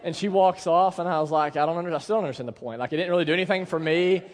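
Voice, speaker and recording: A man in his thirties, a pastor preaching a sermon in a church, telling stories in a relaxed, conversational, self-deprecating way. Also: on the high side, rapid-fire. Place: church sanctuary. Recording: long hall reverb.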